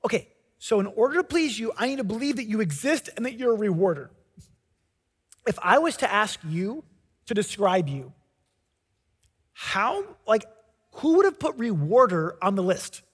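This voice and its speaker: A man's voice: sits high, very animated, normal speed, pauses often, fairly bright tone, breathy edge, in a large hall. A male pastor preaching a sermon in a conversational storytelling way, often restarting his sentences.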